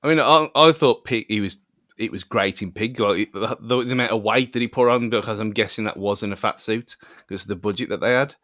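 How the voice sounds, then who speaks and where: A man's voice: on the low side, fairly quick, fairly bright tone, dry recording, clean studio sound. A man co-hosting a casual podcast, rambling and self-mocking and often trailing off mid-thought. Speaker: podcast co-host.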